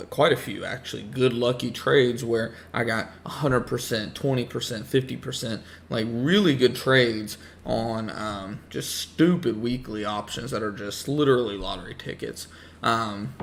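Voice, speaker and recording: A man hosting a casual livestream, hoarse as he loses his voice, rambling and repeating himself while greeting chat viewers. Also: medium pitch, a little hiss or hum. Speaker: livestream host talking trading.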